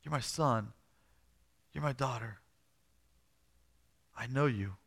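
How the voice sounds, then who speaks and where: A man voicing a calm, gentle teacher in a sermon retelling, speaking softly and unhurried. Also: medium pitch, gravelly, exaggerated voice. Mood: tender.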